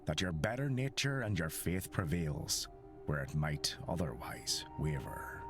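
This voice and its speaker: An actor playing a stern middle-aged reverend who delivers a solemn sermon in a measured, admonishing manner. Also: male voice, rumbling low, very animated, over music, heavily acted. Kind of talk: solemn game voice acting, sermon.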